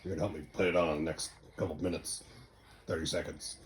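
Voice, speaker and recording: A man voicing his toddler as a laid-back little boy, in a slow, low, deadpan drawl, outdoors on a patio. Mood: mellow.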